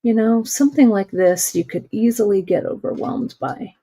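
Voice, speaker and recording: A woman's voice: a little high, normal speed, dark tone, slightly rough. A woman hosting a live jewelry-making demonstration, chatting encouragingly and thinking aloud as she works.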